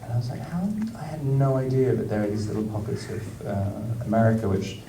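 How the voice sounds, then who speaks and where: An English actor in casual stage talk at a film Q&A, hesitant, with many ums and frequent laughs. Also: male voice, lowish voice, fairly quick, dark tone, distant mic. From England. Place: large screening hall with audience. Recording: echoey hall, mic from afar, noise.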